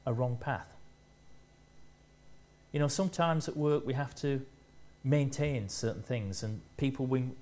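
A man preaching a sermon, speaking in short measured phrases and rising in force to stress key lines. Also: mid-range voice, darkish tone.

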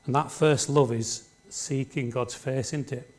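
A man's voice: medium pitch, fairly even intonation, unhurried. Man preaching, chatty tag questions. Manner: conversational, leans on tag questions to the congregation. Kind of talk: sermon. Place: church.

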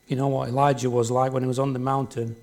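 A man's voice: medium pitch, level tone, fast talker, a little mellow. Man preaching, chatty tag questions. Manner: conversational, leans on tag questions to the congregation. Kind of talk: sermon. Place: church.

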